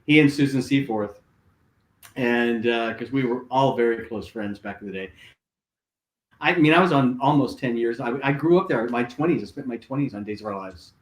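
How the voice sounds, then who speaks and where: A man's voice: mid-range voice, moderate pace. An older man, a guest, telling stories animatedly with lots of fillers and restarts. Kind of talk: casual storytelling. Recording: roomy echo.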